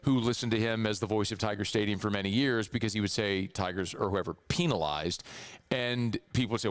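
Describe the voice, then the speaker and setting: A hoarse man with a Southern accent hosting a sports radio show, chatty and rambling. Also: lowish voice, animated, a little fast, no room sound. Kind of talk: casual sports radio talk. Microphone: studio microphone.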